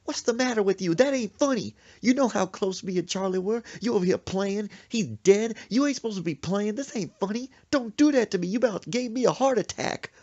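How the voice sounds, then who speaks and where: A man voicing a loud, hot-tempered grieving mother, shrieking and scolding in a combative way. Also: high voice, a little slow, dull audio, voice pushed up, full character voice. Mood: furious.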